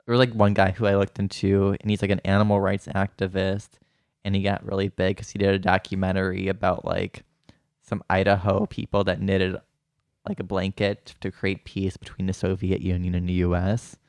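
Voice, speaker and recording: A man's voice: low-pitched, completely flat delivery, normal speed, darkish tone, smooth, no room sound, studio quality. A man co-hosting a podcast in casual comedic chat, chatty and laughing, with many fillers. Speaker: podcast co-host.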